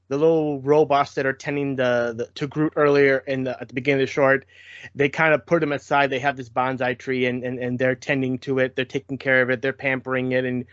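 A man's voice: medium pitch, moderate pace, dry recording, muffled recording. A man co-hosting a podcast, chatting casually and laughing often as he recaps a series of shorts. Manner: animated, laughs often, restarts a lot. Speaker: podcast co-host.

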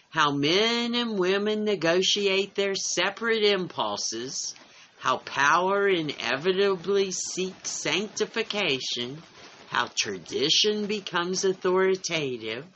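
Woman co-host, reads slowly with bright, animated pitch, muffled lo-fi audio. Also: a little hiss or hum. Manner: slow, measured reading with lively pitch. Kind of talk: casual chat and reading aloud.

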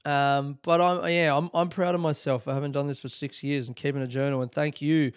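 A man's voice: on the high side, little pitch movement, a little fast, clear, resonant tone, no echo, studio quality. A young Australian man hosting his own podcast, chatting casually, swearing and joking sarcastically, with frequent laughs. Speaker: podcast host. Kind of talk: casual solo podcast chat. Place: home room.

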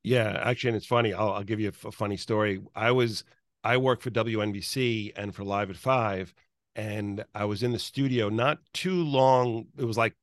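A man's voice: fairly low pitch, normal speed, dry recording, clean studio sound. A man hosting a casual interview, chatting in a loose, reflective way. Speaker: podcast host, former page.

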